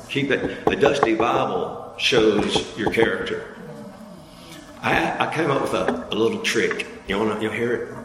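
A man delivers a sermon conversationally in a church hall, calling out to the congregation and hearing their responses, with his pitch shooting up when he's fired up. The recording has the long reverb of an echoey hall.

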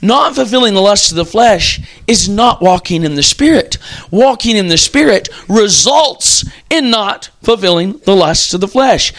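A male preacher with a high, bright voice gives a sermon. He tells vivid stories and acts out the quotes as he goes.

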